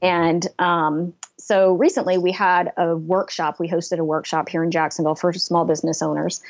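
A woman's voice: lowish voice, little pitch movement, moderate pace, lo-fi sound. A woman, a business coach telling a personal story in an interview, earnestly.

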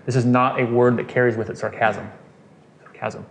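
A man's voice: mid-range voice, steady tone, quick pace. A man leading a Bible study in a casual, conversational way, quizzing his group and checking in with "okay" and "right.". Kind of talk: conversational scripture teaching. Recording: roomy echo, faint noise.

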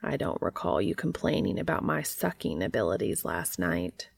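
A woman reading fan fiction aloud, voicing a teasing grown man in a husky, low murmur. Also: sing-song, normal speed, full character voice. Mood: seductive.

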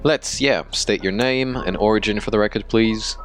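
Male actor: deep, teasing interviewer, radio drama. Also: normal speed, soft background music, lightly acted. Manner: teasing, playful. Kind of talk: audio drama acting.

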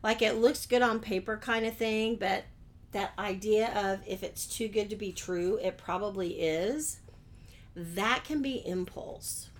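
A woman's voice: mid-range voice, measured pace. Woman hosting a chatty solo podcast. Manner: friendly, conversational, rhetorical questions. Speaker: podcast host. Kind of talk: solo business podcast talk.

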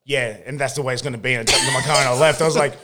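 A man's voice: mid-range voice, fairly even intonation, rapid-fire, pushed and bright, a little hiss or hum. A young Australian man telling a story in casual chat, swearing, laughing and saying "bro" after every phrase.

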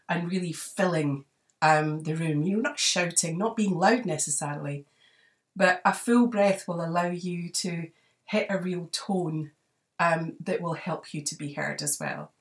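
A woman's voice: fairly low pitch, unhurried, far from the mic. A woman hosting a podcast, giving advice in a chatty way, often saying "you know" as she goes. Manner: conversational, many "you know" fillers. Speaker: podcast host. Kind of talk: solo advice talk.

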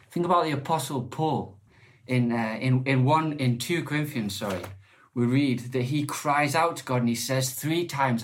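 A man's voice: mid-range voice, normal speed. Earnest man giving a sermon. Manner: earnest, conversational preaching with small restarts. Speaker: lay preacher. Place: church.

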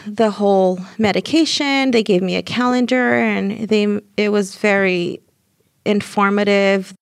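A woman in her young adult years recounts events in an animated, conversational voice of middle pitch, often laughing and slipping into quoted voices. The sound is close and dry, with no room around it. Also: measured pace, creaky, clean tone, dry recording. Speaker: interview guest. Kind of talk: conversational storytelling.

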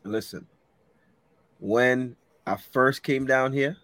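A man from Jamaica, a cohost in casual podcast chat, telling lively stories and laughing often. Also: medium pitch, slow pace, no room sound. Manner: animated storyteller, laughs often.

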